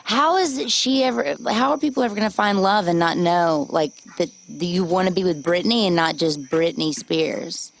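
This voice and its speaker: This woman talks casually in a somewhat low voice. She hosts a podcast, tells stories with animation and swears freely. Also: moderate pace, creaky, hardly any pauses, low-quality recording. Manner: chatty, swearing, animated storytelling. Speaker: podcast host.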